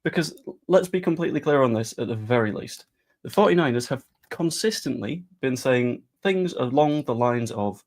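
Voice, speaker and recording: Man, sarcastic, chatty football talk, mid pitch. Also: animated, brisk, creaky. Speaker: football fan vlogger. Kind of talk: casual live-stream chat.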